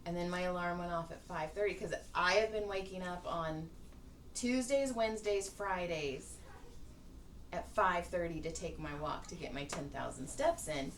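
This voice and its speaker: A woman's voice: on the low side, normal speed. A woman podcast host telling a rambling, profane story in casual chat. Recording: roomy, distant mic, faint hiss.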